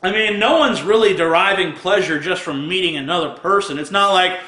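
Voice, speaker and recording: A man with a somewhat high, forceful voice rants crudely and sarcastically straight to camera. He swears freely and laughs at his own jokes. The sound bounces around an echoey room. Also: fairly quick. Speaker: video blogger. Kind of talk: profane comic rant to camera.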